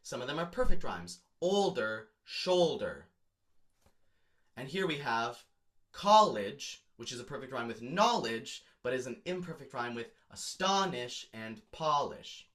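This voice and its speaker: Animated man teaching rhyme. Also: medium pitch, normal speed. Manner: animated, explanatory, emphatic on examples. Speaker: music educator. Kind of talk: lecture on song lyrics.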